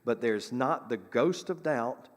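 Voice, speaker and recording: A man's voice: mid-range voice, slow, big-room sound. Man reading history aloud in a church. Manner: dramatic reading with chatty asides. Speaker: local history presenter. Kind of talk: storytelling talk, reading an old newspaper account aloud. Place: church sanctuary.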